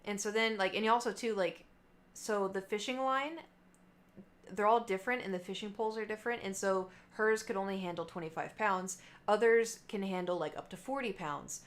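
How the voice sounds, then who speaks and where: A woman's voice: medium pitch, normal speed. Rambling young woman chatting on stream. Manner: rambling storytelling, lots of fillers and asides. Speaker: livestreamer. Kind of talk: casual chat with stream viewers.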